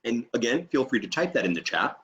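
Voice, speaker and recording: Man, trainer, online lecture, video-call audio, patient explaining, mid-pitched. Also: very animated, quick pace, a bit bright, dull audio. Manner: explanatory, frequent "okay?" check-ins.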